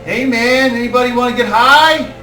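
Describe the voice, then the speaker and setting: A man's voice: very high-pitched, normal speed, sharp tone, pitched above the performer's own voice. A man voicing a laid-back, partying stoner archdruid who talks in drawling slang. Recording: echoey room, mic from far off, faint noise.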